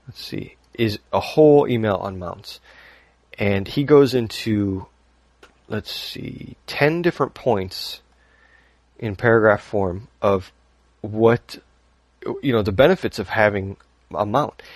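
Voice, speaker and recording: A man hosts a relaxed podcast, talking in a low, loose, rambling way and laughing easily. The recording is dry and close, with no room sound. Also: dry recording. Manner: rambling, laughs often, reads listener email. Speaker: podcast host. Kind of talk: casual podcast chat.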